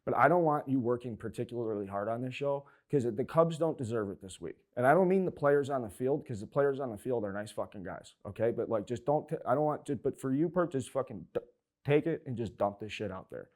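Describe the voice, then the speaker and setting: A man's voice: mid-range voice, animated, a little fast, darkish tone. A man hosting a sports talk show, ranting with heavy swearing, short of breath. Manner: profane, heated ranting. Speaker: host.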